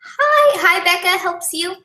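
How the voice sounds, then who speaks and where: A woman's voice: high voice, animated, moderate pace, a bit bright, slight background noise. A young woman chatting casually on a live stream, rambling and giggly with lots of fillers, recorded at home. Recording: echoey room, a bit far from the mic.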